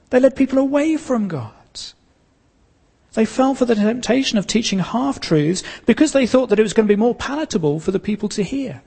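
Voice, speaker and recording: Male pastor, sermon delivery, earnest and emphatic, gravelly voice. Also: sits high, darkish tone, in a large hall. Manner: earnest preaching with pauses and emphatic repetition.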